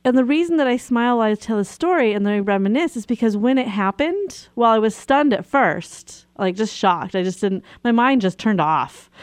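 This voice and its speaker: A woman hosts a talk show and tells a personal story in a casual, animated way, laughing often as she goes. Her voice sits at a middle pitch for a woman. The recording is dry and close. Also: smooth, no echo. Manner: laughs often while telling stories, animated. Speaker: radio show host and marriage and family therapist.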